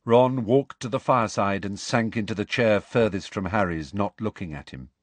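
A man narrating an audiobook with an expressive, varied reading. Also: lowish voice, normal speed, no room sound.

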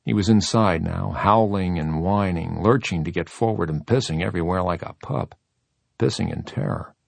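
A man reading a novel aloud in steady, measured narration. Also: deep voice, vocal fry, slightly rough, dry recording. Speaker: audiobook narrator. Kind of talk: scripted narration.

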